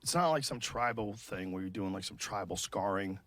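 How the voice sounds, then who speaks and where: A man's voice: fairly low pitch, animated, moderate pace, a bit bright, no echo. A man hosting a podcast, chatting casually and thinking aloud with restarts and short agreeing asides. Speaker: podcast host. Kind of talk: casual chat.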